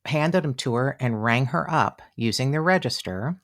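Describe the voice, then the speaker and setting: A podcast co-host telling a true-crime case in casual, animated talk, acting out quotes with many fillers. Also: mid-range voice, moderate pace.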